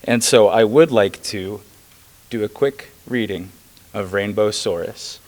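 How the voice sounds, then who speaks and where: Casting: young man, lowish voice, earnest legislator at a press conference, emphatic. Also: unhurried, darkish tone. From rural Missouri. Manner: earnest and emphatic, with occasional fillers. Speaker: state legislator.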